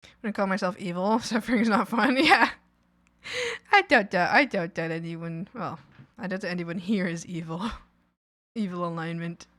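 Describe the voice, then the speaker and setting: A woman streamer in casual chat, rambling and chatty, laughing often and sometimes bursting into mock shouting. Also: on the low side, moderate pace.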